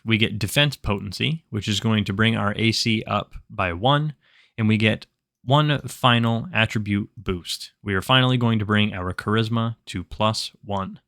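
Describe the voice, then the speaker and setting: Man, lowish voice, dry close sound, methodical tutorial host. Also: fairly bright tone, no echo. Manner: methodical step-by-step explaining. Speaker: tabletop game build guide host. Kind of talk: screen-recorded game tutorial.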